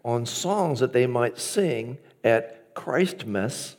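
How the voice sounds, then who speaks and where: A man's voice: medium pitch, lively intonation, drawn-out words, a little mellow. A man preaching a conversational, storytelling sermon as pastor, acting out his own inner dialogue.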